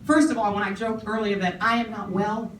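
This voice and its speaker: A woman telling lively stories to a live audience in a meeting room, acting out the people she quotes. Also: mid-range voice, fairly quick, background noise. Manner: animated storyteller acting out quoted voices. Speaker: speaker on paper clutter. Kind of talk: storytelling talk to an audience. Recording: echoey room, voice from far off.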